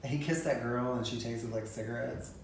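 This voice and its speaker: A man's voice: mid-range voice, fairly even intonation, normal speed, creaky, recorded from a distance, slight background noise. Teasing man in echoey room. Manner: teasing, laughing, filler-heavy. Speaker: co-host, partner. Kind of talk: casual chat.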